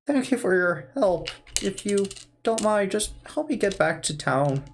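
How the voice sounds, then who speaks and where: A woman's voice: mid-range voice, sing-song, unhurried, voice pushed up. A woman voicing a frail, frightened old human man who stammers and pleads. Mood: pleading.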